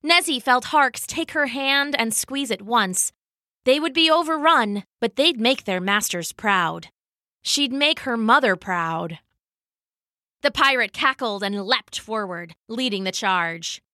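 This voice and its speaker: A woman storyteller reading a children's adventure story in an expressive, animated way. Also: fairly high pitch, slow, no room sound, studio quality. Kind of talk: scripted children's story narration.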